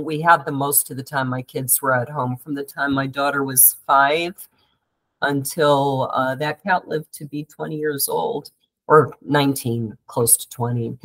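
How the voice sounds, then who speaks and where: A woman's voice: very deep voice, a bit bright, no echo, poor audio. A middle-aged woman hosting an interview in an easygoing, slightly rambling way over a video call. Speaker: podcast host. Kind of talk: relaxed interview chat.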